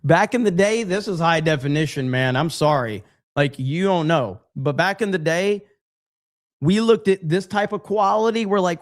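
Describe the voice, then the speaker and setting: A man's voice: fairly high pitch, expressive. Stammering casual male show host. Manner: halting, repeats words, laughs easily. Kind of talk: casual commentary over clips.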